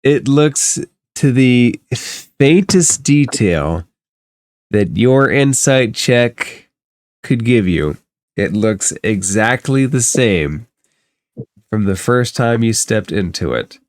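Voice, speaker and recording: A man's voice: mid-range voice, expressive, takes it slowly, no room sound, studio quality. A man narrating a tabletop game as game master, easygoing and descriptive.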